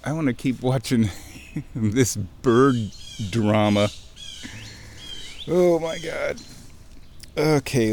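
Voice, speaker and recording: A man narrating a nature walk by a wooded creek in an excited, chatty way, talking to himself as he films. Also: mid-range voice, drawn-out words, creaky, long pauses, slight background noise. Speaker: nature vlogger. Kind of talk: casual outdoor narration. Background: birdsong.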